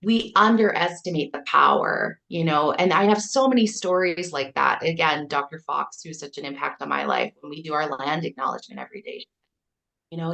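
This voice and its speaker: A middle-aged Canadian kindergarten teacher with a Canadian accent, earnestly telling stories in a podcast interview and acting out the quotes with animation. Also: female voice, low-pitched, brisk, vocal fry. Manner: earnest, storytelling, acts out quotes with lively animation. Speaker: kindergarten teacher and author, guest.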